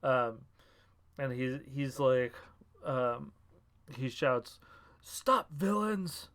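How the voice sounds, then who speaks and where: A man's voice: medium pitch, flat delivery, extremely slow, clean tone. A man running a tabletop game as game master, explaining and narrating with frequent hesitations. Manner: hesitant, many ums.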